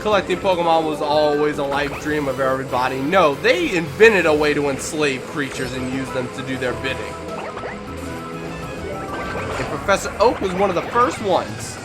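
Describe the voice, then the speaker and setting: A lively, sing-song voice with wide swings in pitch, chatting on a gaming stream. The speaker jokes constantly and acts out voices while retelling scenes, with faint game music underneath. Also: moderate pace. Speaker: stream co-host. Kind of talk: casual gaming stream chat.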